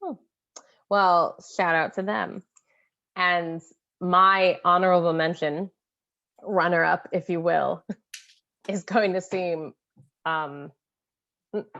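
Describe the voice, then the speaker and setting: A woman co-hosting a casual movie discussion, telling stories in an animated, laughing way. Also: on the low side, takes it slowly, long pauses, lo-fi sound. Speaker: co-host.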